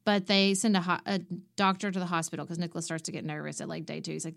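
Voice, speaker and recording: Chatty woman with a low voice. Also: very fast, gravelly. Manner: animated, acts out quoted voices. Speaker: podcast co-host. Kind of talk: personal storytelling.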